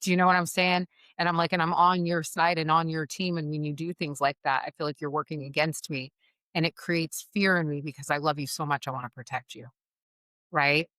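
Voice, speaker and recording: A woman hosting a podcast, telling a candid story about raising her son in an earnest, animated way, full of likes and you-knows. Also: deep voice, brisk, no echo, clean studio sound. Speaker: podcast host.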